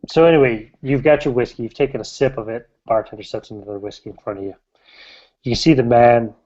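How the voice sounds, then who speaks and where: A man's voice: mid-range voice, quick pace, warm tone. Laid back guy running a tabletop game, rambly, laughs a lot, mid voice, muffled audio. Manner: casual, rambling, laughs often. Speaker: game master.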